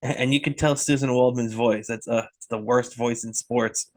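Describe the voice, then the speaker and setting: A man's voice: mid-range voice, steady tone, normal speed, dry recording. Man steering a casual podcast chat. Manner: short agreeing replies, steers the conversation to the next topic. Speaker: podcast co-host.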